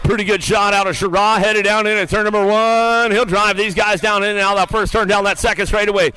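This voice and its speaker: A man calling live BMX races play-by-play, rattling off riders' names and positions, then dropping lower and quieter to read results and lineups. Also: little pitch movement, a little fast, slight background noise, rough recording. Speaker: race announcer. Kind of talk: live BMX race commentary.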